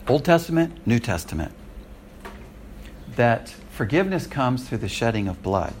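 An American man gives a classroom Bible lecture in a mid-pitched, conversational voice. He keeps the class engaged with frequent check-ins. Faint noise sits under the recording. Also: very animated, normal speed. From United States. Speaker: Bible teacher.

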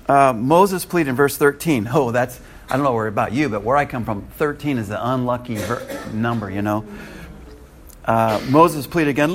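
A man preaching a sermon in an animated way, with frequent chuckling asides. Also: mid-range voice, normal speed, slight background noise.

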